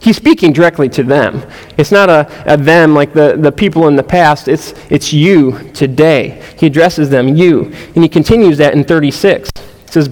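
A man's voice: fairly high pitch, normal speed, a little mellow, big-room sound, poor audio. A pastor giving a conversational sermon, earnest and explanatory, often restarting his phrases. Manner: earnest, conversational, frequent restarts and "you know".

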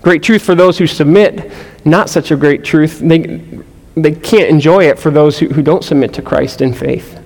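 A man's voice: a little high, moderate pace, gravelly, darkish tone. A man teaching a verse-by-verse sermon to a group, earnest, often repeating words and asking the room questions. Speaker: pastor or Bible study teacher. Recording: long reverb in a large room.

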